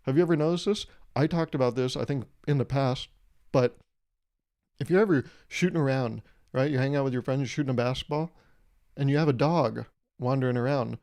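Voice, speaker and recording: A young man hosting a solo comedic podcast, rambling and irreverent, swearing freely and breaking into loud mock voices when he quotes people. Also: medium pitch, a little fast. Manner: profane. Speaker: podcast host.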